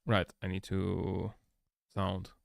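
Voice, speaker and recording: Low-voiced man rambling casually. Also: completely flat delivery, takes it slowly, creaky, dry recording, studio quality. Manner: rambling, swears a lot, laughs often. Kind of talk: casual chat while editing. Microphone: laptop microphone.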